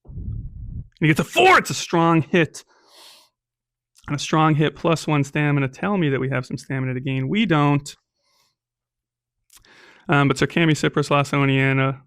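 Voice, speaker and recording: A man's voice: a little high, steady tone, normal speed, pauses often, a bit bright, no echo, studio quality. A man narrating a solo tabletop game as game master, casual and chatty, peppering his telling with "right?" and "um".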